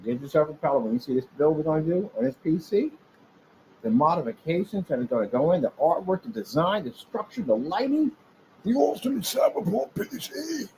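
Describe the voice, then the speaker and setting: A man talking casually while building a PC, boasting with lively trash talk. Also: a little high, brisk, slight background noise, poor audio. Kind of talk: casual workshop vlog.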